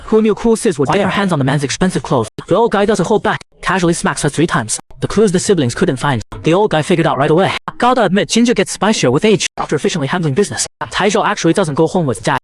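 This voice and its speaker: A man narrating a comic story recap in a brisk, breezy scripted style. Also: sits high, lively intonation, dry recording.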